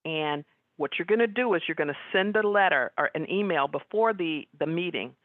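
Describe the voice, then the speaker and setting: A woman's voice: lowish voice, brisk, no room sound. Middle-aged woman presenting on a webinar, chatty storyteller, dry tinny phone-ish audio. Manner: conversational, animated storyteller. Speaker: guest speaker. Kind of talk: webinar presentation with personal stories. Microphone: video call.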